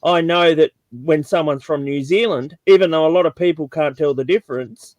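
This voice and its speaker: A man's voice: a little high, brisk, darkish tone, no room sound. A man from Tasmania with an Australian accent, chatting casually on a video call as panel host, rambling with lots of fillers.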